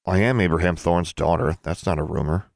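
A man's voice: sits low, fairly even intonation, brisk, gravelly, dry recording, studio quality. A man voicing a defiant teenage witch girl who snaps indignant retorts.

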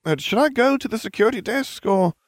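A man voices a clumsy, jittery teenage wizard who stammers his way through. His voice is lifted higher than a plain reading voice, with lively swings. The recording is close and dry. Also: brisk, dry recording. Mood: nervous. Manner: nervous, bumbling.

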